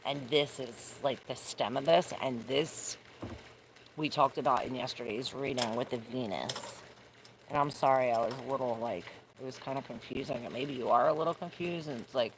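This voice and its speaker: A woman with a rumbling low voice gives a loose, rambling tarot reading outside in the rain, speaking at a moderate pace. She fumbles for words and swears casually. The recording is noisy, with rain audible throughout.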